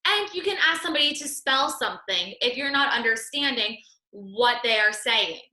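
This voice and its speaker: A woman's voice: fairly high pitch, expressive, moderate pace, pushed and bright, roomy sound, distant mic, poor audio. A woman teaching an English class, explaining patiently and reassuringly step by step. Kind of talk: online class lesson.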